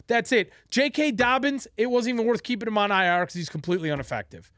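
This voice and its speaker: A man's voice: high-pitched, fast, fairly bright tone. A man co-hosting a sports podcast, ranting in heated, profane, emphatic bursts.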